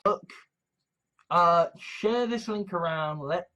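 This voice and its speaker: A man's voice: very high voice, lively intonation, measured pace, fairly bright tone. A young man talking in a casual monologue, rambling with heavy swearing and sudden exasperated outbursts. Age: young adult. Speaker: video essayist.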